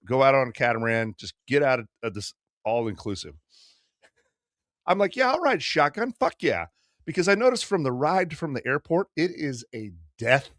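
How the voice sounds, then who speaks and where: Animated, profane man telling stories. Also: medium pitch, no room sound, studio quality. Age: 50s. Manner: profane, animated storyteller doing quick voices. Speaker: podcast co-host. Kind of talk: casual storytelling.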